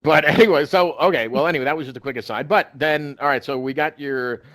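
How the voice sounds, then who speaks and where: A man's voice: on the high side, fast, a bit bright, no echo. A man hosting a podcast in casual chat, rambling with many restarts and fillers. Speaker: podcast host.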